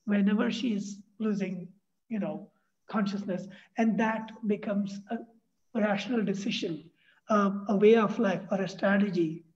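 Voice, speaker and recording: A man leading a workshop, explaining ideas in a lively way and acting out anxious inner voices. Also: high voice. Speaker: workshop facilitator. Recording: dull lo-fi sound.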